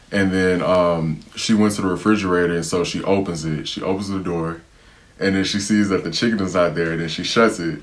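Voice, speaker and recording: A young man telling a story to camera in a casual, slangy, animated way, acting out what people said. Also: sits low. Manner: animated, slangy storytelling, repeatedly saying "bro", acting out quotes.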